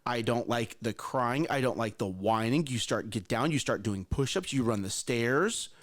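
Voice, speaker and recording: A man's voice: mid-range voice, normal speed. A man co-hosting a casual morning show, telling a story about his kids with lots of restarts. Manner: animated storyteller with frequent restarts.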